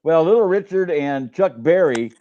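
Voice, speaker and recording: A man's voice: a little high, lively intonation, moderate pace, mellow, highs cut off. An older man who works as a coach, chatting on a live stream in a rambling way with many restarts. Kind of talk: casual live-stream chat.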